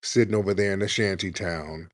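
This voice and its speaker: A man's voice: low voice, steady tone, a little fast, no room sound. A man hosting a heated call-in show, arguing and mocking a caller with repeated insults. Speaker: host.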